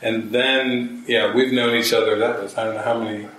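A man's voice: mid-range voice, level tone, moderate pace, a bit bright, slight background noise. A man, a spiritual teacher, telling a story to a gathering and acting out quotes in shifting voices. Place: church hall. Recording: very echoey room, mic far off.

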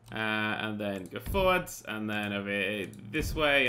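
Bright, excitable man doing game commentary. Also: lowish voice, measured pace, a little hiss or hum. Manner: excitable, laughs and swears often. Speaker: gaming channel host. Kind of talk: let's play commentary.

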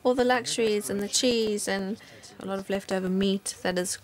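Brief: au pair, earnest, mid-pitched, interview. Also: female voice, steady tone, normal speed. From Zimbabwe. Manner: earnest, plain-spoken, with a soft laugh. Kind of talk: documentary interview.

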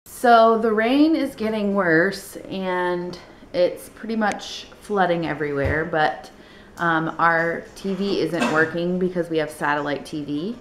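A young woman with a slightly low voice chats away to her viewers, filming a casual family vlog on a handheld camera. She is indoors at home, and the room gives her voice a noticeable echo. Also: measured pace, a little hiss or hum. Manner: chatty, talking straight to viewers. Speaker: family vlogger. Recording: echoey room.

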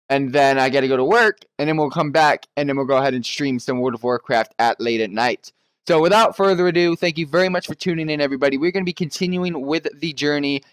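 A young man streaming a football video game live, chatting to viewers, swearing and yelling at misses. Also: a little high, no echo. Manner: excitable, swears and yells at misses. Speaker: gaming streamer.

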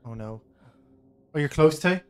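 As a let's play co-host, a man chats casually while playing a horror game with a friend, joking, laughing, and riffing on TV shows by quoting them in funny voices. His fairly high voice is clear and resonant, with lively intonation, a measured pace, and no echo.

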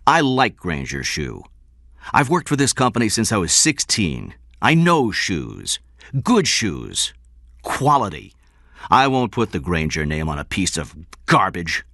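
A curt, proud male executive, read by a man, low but lively in pitch, dry sound. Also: unhurried, gravelly, dry recording, heavily acted. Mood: firm. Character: hard blunt male shoe executive, proud.

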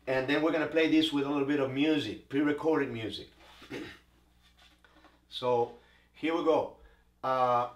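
A man's voice: medium pitch, roomy sound. A man teaching percussion, explaining step by step and counting beats aloud between drum passages. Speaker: percussion instructor. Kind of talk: instructional demonstration. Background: bongo drums and faint music.

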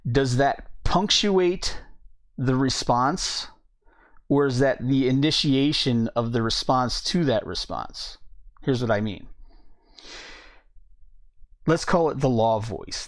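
A man teaching a Bible study in a casual way, thinking aloud, reading verses and often restarting his sentences. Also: medium pitch. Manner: thinking aloud, reads scripture, hesitant restarts.

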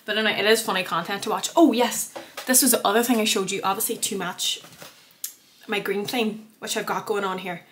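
In her bedroom, a young vlogger talks fast to her phone camera, chatty and rambling and teasing herself. Her mid-range voice is fairly bright with fairly even intonation, and there is slight background noise.

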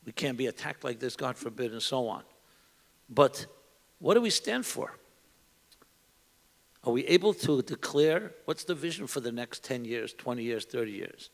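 A man's voice: mid-range voice, expressive, normal speed, gravelly, pauses often. A middle-aged man, a rabbi, giving an earnest, reflective talk to an audience in a synagogue hall, asking many rhetorical questions. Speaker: rabbi, panel speaker. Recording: long hall reverb.

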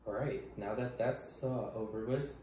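A man's voice: on the low side, steady tone, moderate pace, noisy background. A young man co-hosting a casual film review chat, laid-back and swearing casually, with hesitant restarts. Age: young adult. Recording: very echoey room, far from mic.

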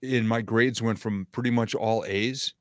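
A middle-aged man telling stories as a podcast guest, animated and self-deprecating. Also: fairly low pitch, unhurried, dry recording, studio quality. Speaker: guest speaker. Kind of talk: casual interview storytelling.

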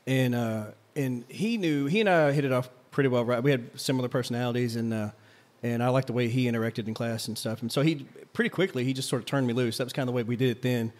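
A man talks quickly in a mid-range voice, rambling through a story with plenty of fillers. He is a teacher co-hosting a podcast, recorded live at a coffee shop. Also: medium pitch, a little mellow. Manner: rambling, filler-heavy, "like" and "right?" asides. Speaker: history teacher and podcast co-host. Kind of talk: casual storytelling chat.

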